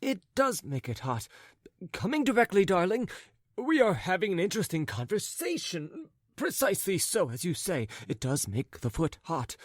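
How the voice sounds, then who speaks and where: A man voices a flustered, overly polite jealous husband, pitching his voice high and above his natural range with wildly swooping intonation at normal speed. The performance is heavily acted, and the recording is dry with clean studio sound.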